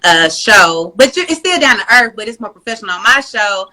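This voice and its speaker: A woman guest on a casual talk show, telling stories in an animated, slangy, joking way. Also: medium pitch, a little fast, poor audio. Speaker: podcast guest. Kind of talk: casual interview chat.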